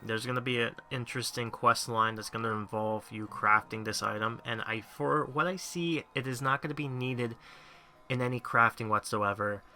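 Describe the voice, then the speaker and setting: A man's voice: medium pitch, moderate pace, bright, forceful tone. A man hosting a gaming channel, giving a chatty, rambling walkthrough of a mobile game's crafting and thinking aloud as he goes. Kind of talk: casual game guide commentary.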